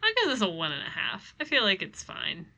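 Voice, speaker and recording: A young woman co-hosting a casual podcast, chatting with dry, deadpan humor and frequent laughs. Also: mid-range voice, fairly quick, gravelly. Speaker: podcast co-host. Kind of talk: casual chat.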